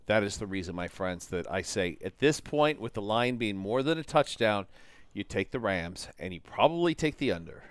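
A man's voice: lowish voice, animated, moderate pace, smooth, no echo. A man co-hosting a casual sports talk show, teasing his partner and making picks with wisecracks. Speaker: co-host.

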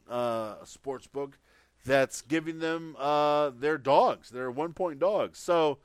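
A man's voice: fairly high pitch, no echo. A man hosting a casual sports picks show, rambling through his predictions with plenty of filler words. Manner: rambling, many fillers and restarts. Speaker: podcast host making football picks.

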